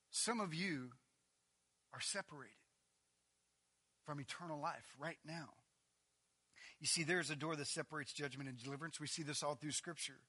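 Male pastor, high and piercingly bright voice, dramatic loud-soft sermon delivery. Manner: preaching with dramatic swings from loud to hushed; stretches key phrases slowly for emphasis.

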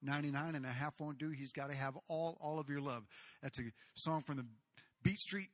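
A man preaching a sermon, telling the story in a casual, conversational way, speaking to the congregation directly and breaking into loud acted outbursts. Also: a little high, fairly even intonation, brisk, no echo. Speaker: pastor.

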